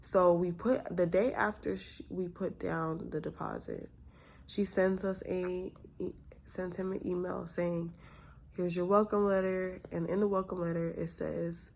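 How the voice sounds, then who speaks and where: A woman's voice: fairly low pitch, steady tone, measured pace, gravelly, a little hiss or hum. A young woman vlogger telling a story in a casual, exasperated way, full of rhetorical questions.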